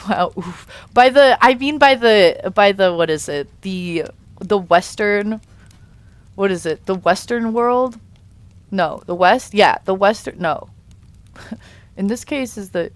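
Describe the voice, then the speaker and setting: A woman's voice: medium pitch, no room sound. A young adult woman on a live stream, chatting casually to her viewers and talking in loose, rambling sentences full of fillers and restarts. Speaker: live streamer reading chat.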